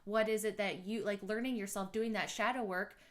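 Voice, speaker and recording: A woman's voice: medium pitch, steady tone, a little fast. A woman in her thirties hosting a podcast, chatting candidly and swearing freely. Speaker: podcast host. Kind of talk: casual chat.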